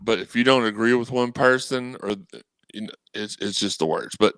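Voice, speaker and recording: A man on a podcast as a guest, talking sports in a rambling, animated way. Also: mid-range voice, normal speed, clear, resonant tone, dry recording. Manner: animated, rambling, quotes people in voices. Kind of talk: casual sports talk.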